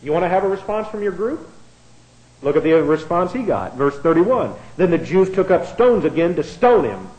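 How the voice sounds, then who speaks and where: A man preaching a sermon as pastor, blunt and digressive, with many restarts and swings from quiet asides to loud emphatic lines. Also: sits high, sing-song, moderate pace. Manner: blunt, digressive, with frequent restarts and a dry chuckle. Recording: echoey room.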